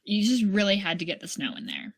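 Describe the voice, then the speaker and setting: A woman's voice: medium pitch, very animated, brisk, a crowd in the background. A woman playing as a guest in a casual board game, giving short, dry reactions and brief answers. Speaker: guest player.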